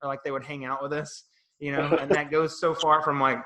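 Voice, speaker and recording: A middle-aged man co-hosting a music podcast, telling rambling, animated stories in casual chat. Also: a little high, a little fast, a crowd in the background. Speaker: podcast co-host.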